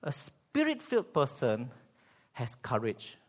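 A man's voice: mid-range voice, wildly swooping pitch, measured pace, breathy edge. A man preaching a sermon, asking rhetorical questions and acting out scenes with sound effects. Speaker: pastor.

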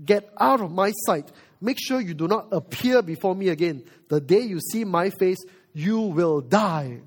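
A man voicing an angry, proud king who threatens with death, loud and forceful. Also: expressive, measured pace, breathy edge, heavily acted. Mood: furious. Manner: loud, forceful, rising pitch.

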